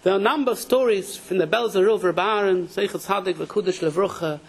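High-voiced man giving an animated religious lesson. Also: a little fast. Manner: dramatic storyteller who raises his voice when quoting people. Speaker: rabbi teaching a Torah class. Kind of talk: animated religious lecture with acted-out stories.

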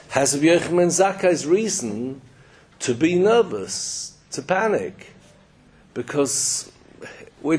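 Lively husky rabbi, preaches with lots of emphasis, voice swings up and down. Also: male voice, mid-range voice. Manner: animated storytelling, emphatic. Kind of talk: Torah sermon.

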